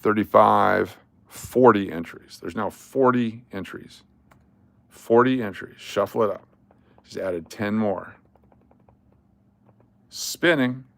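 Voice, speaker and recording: A man's voice: fairly low pitch, slow, gravelly, pauses often, a bit bright, no echo. An older man hosting a casual livestream, rattling off lists of cards and chatting to viewers. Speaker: livestream host.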